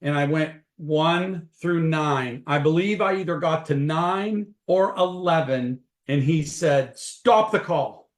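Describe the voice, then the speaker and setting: Animated storytelling man on a webinar. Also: a little high, takes it slowly, few pauses, reverberant. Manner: energetic, folksy, animated storyteller. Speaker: network marketing distributor leading a webinar.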